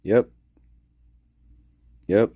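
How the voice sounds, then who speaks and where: A man's voice: drawn-out words, dry recording, phone-quality sound. A man hosting a casual livestream, swearing and ranting angrily, then muttering to himself as he reads the chat. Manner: profane angry ranting; muttering while reading chat. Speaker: livestream host.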